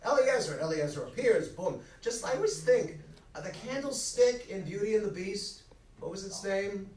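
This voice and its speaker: A high-pitched man delivers a joking, chatty sermon as a rabbi, throwing quick asides to his congregation. He sounds set back from the microphone, his voice ringing through a reverberant sanctuary. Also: animated, a little mellow. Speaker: rabbi leading Friday night services. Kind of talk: humorous conversational sermon. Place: synagogue sanctuary. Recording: echoey hall, mic at a distance.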